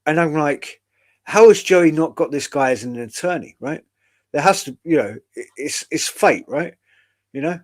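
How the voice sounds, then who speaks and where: A man hosting an online show in a casual, rambling, profane way. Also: mid-range voice. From United Kingdom. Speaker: podcast host. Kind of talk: casual chat.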